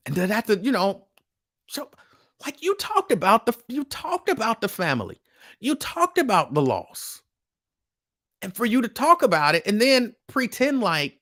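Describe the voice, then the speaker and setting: Host, man, slightly high voice, emphatic and repetitive, casual live stream. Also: fairly bright tone.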